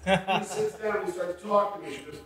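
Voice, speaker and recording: A man on a convention memorial panel, telling animated stories with laughter and acting out what people said. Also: high-pitched, brisk. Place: convention hall panel room. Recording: echoey hall, audience noise, distant mic.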